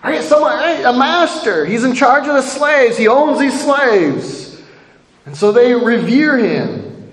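A man's voice: very high voice, sing-song, takes it slowly. A man preaching a sermon in a conversational way, often checking in with "right?" and acting out voices from the text. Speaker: pastor. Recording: echoey hall with long reverb.

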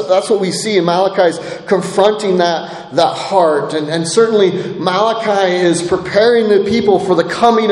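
A man's voice: high-pitched, a little mellow. A pastor giving a sermon, earnest and restating his points for emphasis. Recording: echoey hall with long reverb.

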